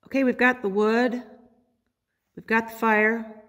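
A woman pastor preaching a sermon, quoting scripture with dramatic pauses. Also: fairly high pitch, level tone, a bit bright. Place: church sanctuary. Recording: long hall reverb.

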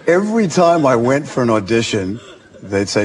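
Animated Australian man telling stories. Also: fairly low pitch, moderate pace, a little hiss or hum. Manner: animated storyteller, acts out other voices. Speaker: actor, interview guest. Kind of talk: casual talk-show anecdotes. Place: television studio.

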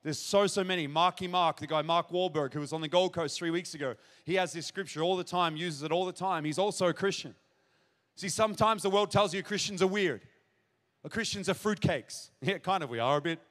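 A man preaching his testimony to a congregation, acting out conversations and building to shouted exclamations. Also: high voice. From Australia. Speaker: pastor. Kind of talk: testimony sermon to a live congregation. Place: large church hall at a revival event. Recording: live hall reverb.

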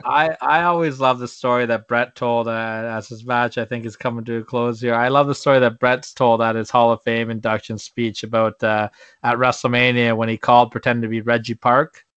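A man's voice: medium pitch, fairly even intonation, fairly quick, fairly bright tone, clear, resonant tone, no echo. A man hosting a casual show, asking his guest questions eagerly. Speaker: host. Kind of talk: casual chat. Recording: dull lo-fi sound.

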